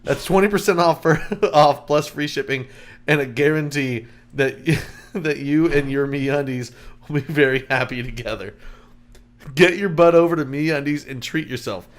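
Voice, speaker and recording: Reading a sponsor spot casually, this podcast co-host speaks at a moderate pace in a fairly high voice. He kids around with his partner and breaks into laughter while reading.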